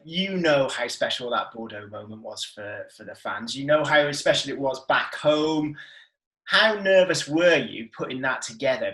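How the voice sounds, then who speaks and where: A man's voice: medium pitch, a bit bright. A man interviewing a guest, asking direct questions in a conversational way. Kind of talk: casual interview. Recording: roomy echo.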